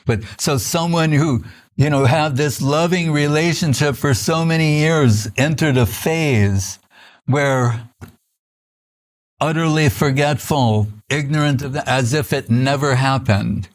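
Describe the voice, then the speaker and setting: An older man giving an informal spiritual lecture, telling stories conversationally with many restarts and soft laughs. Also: medium pitch, unhurried. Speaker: spiritual teacher.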